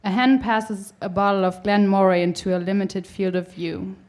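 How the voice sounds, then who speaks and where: Young author, measured deliberate reading of her story, mid-pitched. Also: fairly even intonation, a little mellow. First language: German. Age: young adult. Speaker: author and reader. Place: live reading event.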